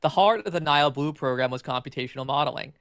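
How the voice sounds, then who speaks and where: A podcast co-host reading an article aloud, stumbling, restarting and filling gaps with "like" and "uh". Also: male voice, a little high, a bit bright, dry recording, studio quality. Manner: fast, filler-heavy reading with frequent stumbles and restarts.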